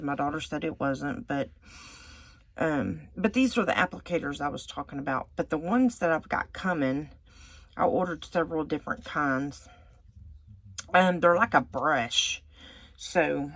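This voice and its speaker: A middle-aged woman, chatting casually through a home craft tutorial as she rambles and thinks out loud. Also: low-pitched. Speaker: resin art channel host. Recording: noisy home recording.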